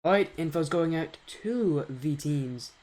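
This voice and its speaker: A man's voice: a little high, expressive, unhurried, a little mellow. A man hosting and casting an esports match on a live stream, upbeat and joking at his own expense, talking into a home mic on a voice call. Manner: upbeat, joking, self-mocking. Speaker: esports caster and host. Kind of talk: live game commentary on a stream.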